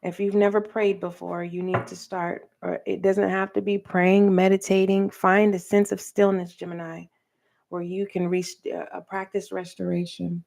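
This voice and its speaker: Gravelly-voiced woman giving a tarot reading. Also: on the low side, level tone. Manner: earnest, preachy, speaks with pauses and direct address. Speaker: tarot reader. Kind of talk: spiritual tarot reading monologue.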